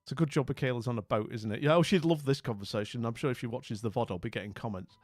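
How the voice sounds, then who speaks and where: A man's voice: medium pitch, fast talker, darkish tone, dry recording, studio quality, soft background music. A middle-aged man chatting casually with his stream's viewers, rambling with lots of fillers and restarts. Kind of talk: casual chat with viewers' comments.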